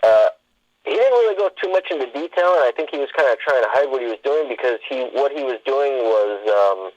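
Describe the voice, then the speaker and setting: A man's voice: mid-range voice, lively intonation, fairly quick, darkish tone, no echo, dull audio. A man, a guest on a talk show, telling stories in a rambling way with many fillers and restarts. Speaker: podcast guest. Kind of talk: casual interview storytelling.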